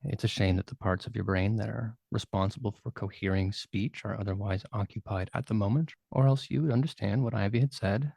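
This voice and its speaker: Man, game master, very deep voice, gravelly, dry close sound, dramatic narration. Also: fairly even intonation, no room sound. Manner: vivid, measured storytelling with hushed dramatic turns.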